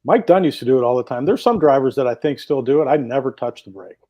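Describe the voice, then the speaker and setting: The audio sounds dull as this man, a drag racer guesting on a casual talk show over video call, tells enthusiastic, wandering stories. He talks fast in a mid-range voice with lively intonation.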